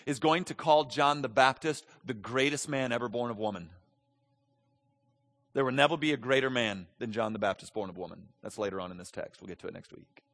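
A man preaching a sermon in an animated, conversational way, moving between quiet asides and loud, emphatic stretches. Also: medium pitch. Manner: conversational, with frequent restarts. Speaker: pastor.

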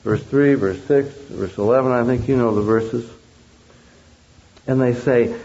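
On a dull lo-fi recording, a man preaches a sermon emphatically, firing plenty of rhetorical questions at the audience. His voice is medium-pitched, expressive, and darkish in tone, at normal speed.

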